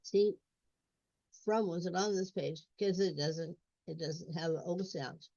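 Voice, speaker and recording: A woman with a fairly low, mellow voice speaks slowly as she tutors reading in a screen walkthrough, repeating sounds and words step by step. No room sound comes through the dull lo-fi audio.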